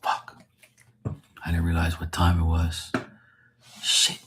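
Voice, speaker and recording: Over a noisy background, a man with a low voice speaks slowly in a completely flat delivery while hosting a late-night live tarot stream. He tells rambling, profane stories and laughs often at them.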